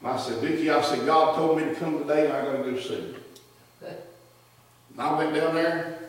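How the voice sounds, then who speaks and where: Male preacher, high-pitched, fervent and repetitive, church pulpit feel. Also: fairly even intonation, moderate pace. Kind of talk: sermon. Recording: echoey hall, distant mic.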